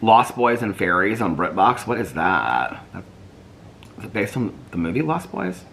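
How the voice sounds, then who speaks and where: A man's voice: very animated, measured pace, gravelly, a bit bright, slight background noise. A man vlogging in casual chat, reading viewer comments and thinking aloud as he looks things up. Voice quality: deep, soothing voice. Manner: chatty, rambling, thinks aloud while searching online.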